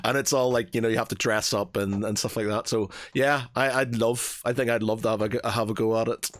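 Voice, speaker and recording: A man co-hosting a podcast in casual chat, relaxed and laughing along. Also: lowish voice, fairly quick, slight background noise. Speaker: podcast co-host.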